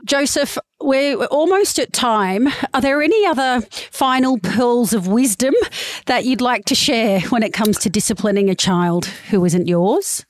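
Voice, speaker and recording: A woman's voice: on the high side, unhurried, no echo. Female podcast host, encouraging, small stumbles, dry sound. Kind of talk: podcast interview questions.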